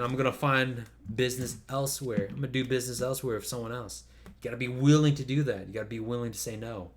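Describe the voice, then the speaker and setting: A man's voice: mid-range voice, steady tone, fast talker. A man vlogging in a loose, rambling monologue, swearing casually and padding with fillers and restarts.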